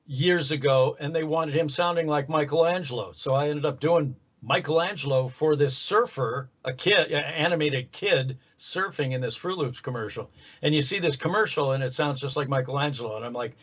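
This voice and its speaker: An older man, a voice actor, chatting in an easygoing, relaxed way in an interview. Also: on the high side, moderate pace. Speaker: guest voice actor. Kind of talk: casual interview chat. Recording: dull lo-fi sound.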